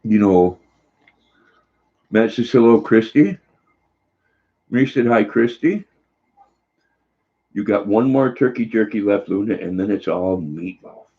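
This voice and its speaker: An older man hosting a casual livestream, slowly reading out viewer comments and cooing fondly at his dog. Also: on the low side, animated. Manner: slow, folksy, reads comments aloud and coos at his dog. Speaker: livestream host. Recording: slightly dull lo-fi sound.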